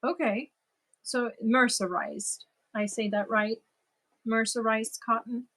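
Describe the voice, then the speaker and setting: Hosting a crochet livestream, this German-accented woman, a native speaker of German, chats with viewers, replies to comments, and laughs at herself. She speaks slowly, in a fairly bright voice on the high side.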